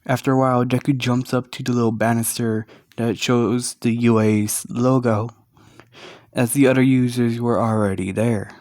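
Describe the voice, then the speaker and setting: A man narrating a fan story in a halting, hesitant way, speaking quietly with a sore throat. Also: medium pitch, steady tone, no echo, studio quality.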